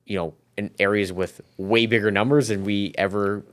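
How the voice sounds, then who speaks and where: A man's voice: lowish voice, steady tone, moderate pace. A man speaking as a podcast guest, chatting casually about his business with loose, rambling sentences and many restarts. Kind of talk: casual conversational interview.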